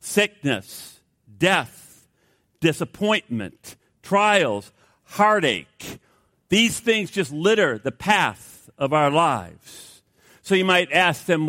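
A middle-aged man preaching a sermon. He opens with a folksy joke and then prays in a hushed, earnest voice. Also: fairly high pitch, big pitch swings, drawn-out words. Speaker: pastor.

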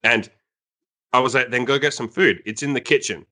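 A young man, a coach, telling a story in casual chat, animated and laughing, with many fillers. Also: mid-range voice, moderate pace.

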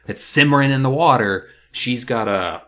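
A man's voice: mid-range voice, normal speed, pushed and bright. Rambling male podcast co-host. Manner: rambling, lots of "like" and restarts, self-deprecating. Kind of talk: casual podcast discussion.

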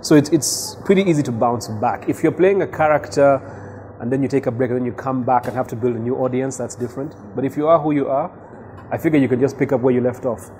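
A man's voice: medium pitch, fast talker, dark tone, slight background noise. A man, a radio presenter chatting easily as a guest in a coffee shop. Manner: easygoing, jokey, reflective. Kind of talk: casual interview chat.

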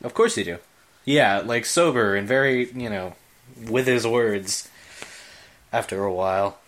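A man's voice: lowish voice, measured pace, fairly bright tone. A man co-hosting a casual video game podcast, chatty and often groping for words. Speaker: podcast co-host.

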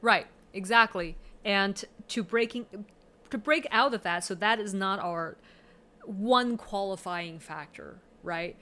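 A woman's voice: medium pitch, slow pace, pushed and bright. A woman talking casually and analytically about movies, with plenty of fillers. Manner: chatty, analytical, many fillers. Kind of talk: casual film discussion.

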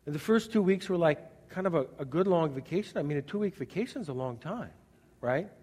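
A man preaching a sermon as pastor, animated, acting out little scenes and swinging from loud bursts to quiet asides. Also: on the high side, brisk, husky. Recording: long reverb of a large hall.

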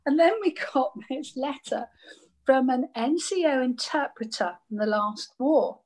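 Older lady actress rambling thru funny radio stories, kinda high voice, laughs a lot. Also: unhurried. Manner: lively storyteller, laughs often. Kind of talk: casual anecdotal chat.

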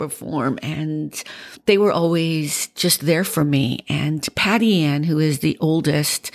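Tired low-voiced woman with a Boston accent. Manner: candid, rambling, with many fillers. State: tired from no sleep. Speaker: podcast host. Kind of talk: casual personal update.

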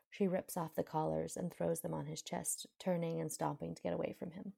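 A woman's voice: deep voice, little pitch movement, fairly quick, gravelly, few pauses, mellow, slightly rough. A woman reading fan fiction aloud, narrating the story in a plain manner. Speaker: audiobook reader.

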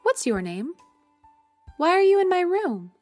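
Brief: woman plays a little girl, five, high and pleading, soft music beneath. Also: sing-song, a little slow, full character voice. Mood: childlike. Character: little girl about five, wistful and insistent.

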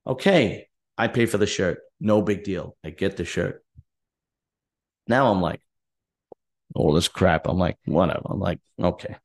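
A man with a low voice tells a long story on his own show. He speaks bluntly and sounds fed up, and he reenacts what he and others said. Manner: direct, aggrieved, recounting dialogue. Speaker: podcast host. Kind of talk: casual storytelling monologue.

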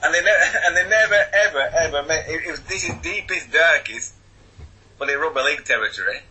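A Wigan man in his forties, a football fan, joins a podcast as a guest over an internet call, rambling with many restarts. His Lancashire-accented voice is a little high, bright, forceful, and slightly fast with lively intonation, heard through poor audio.

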